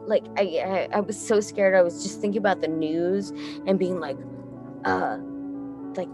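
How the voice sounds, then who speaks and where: A woman's voice: on the low side, fairly even intonation, moderate pace, music in the background. A young woman from Texas, a musician guest telling a story casually, rambling with lots of fillers, swearing and laughing often.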